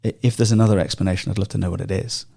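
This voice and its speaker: A man in a Bible study podcast chat, explaining at length with animated energy and many ums and restarts. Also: low voice, racing, creaky. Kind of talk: casual discussion podcast.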